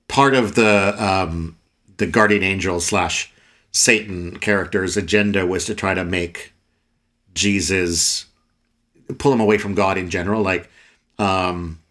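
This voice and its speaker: Bright-voiced man chatting about a film. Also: sits low, measured pace, long pauses. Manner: animated, acts out characters' lines with laughs. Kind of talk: casual film discussion.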